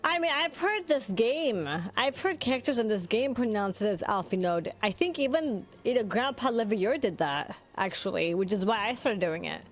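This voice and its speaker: A woman streams a game live, talking in a chatty, rambling way with a slightly high voice. She often thinks aloud, and soft game music runs underneath. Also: expressive, normal speed, hardly any pauses. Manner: chatty, rambling, talks to herself. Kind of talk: casual live-stream chat while gaming.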